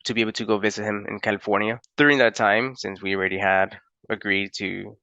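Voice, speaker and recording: Young guy from florida, low gravelly voice but bright, halting story with lots of ums. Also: fairly even intonation, dry recording, dull audio. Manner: unhurried, halting with many fillers. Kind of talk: personal storytelling to camera.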